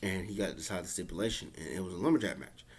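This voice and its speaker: A man's voice: sits low, very fast, breathy edge. A man casually recapping and reviewing a wrestling show, rambling with many fillers. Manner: rambling, lots of fillers, acts out quotes.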